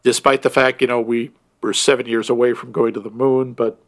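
A man co-hosting a casual film review chat, wry and quick with asides, often chuckling. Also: mid-range voice, level tone. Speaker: podcast co-host.

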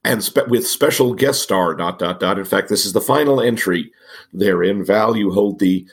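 A man with a cold and a raspy, gravelly voice, co-hosting a casual podcast with wry, self-mocking asides. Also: on the low side, moderate pace. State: has a cold. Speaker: podcast co-host.

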